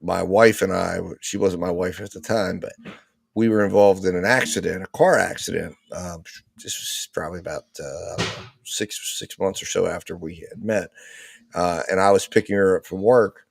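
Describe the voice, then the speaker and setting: Male live-show host, low gravelly voice, dry close sound, animated storyteller. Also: moderate pace, no echo. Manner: animated storyteller, acts out quotes loudly. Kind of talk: casual live commentary and storytelling.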